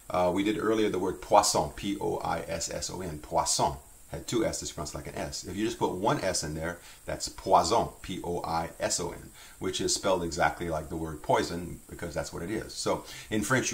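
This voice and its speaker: A man teaching a French language lesson, relaxed and chatty, with frequent fillers and restarts. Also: deep voice.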